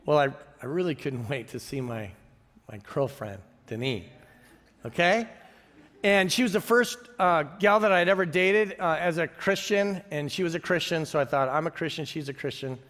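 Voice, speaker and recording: A middle-aged man preaching a sermon, telling stories in a lively way, chuckling often and asking the audience questions. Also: a little high, normal speed. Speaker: pastor. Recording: reverberant hall.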